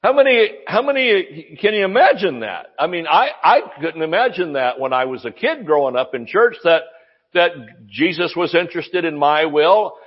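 A man preaches a sermon with excitable energy, his fairly high voice leaping up and down as he fires rhetorical questions at the room. The recording is muffled and carries a long hall reverb. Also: moderate pace, breathy edge. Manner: excitable, exclamatory, talks to the congregation with rhetorical questions.

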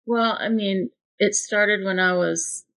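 A woman's voice: mid-range voice, steady tone, takes it slowly, fairly bright tone. A woman in her fifties, a guest in an interview, earnestly telling a heartfelt personal story. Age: 50s.

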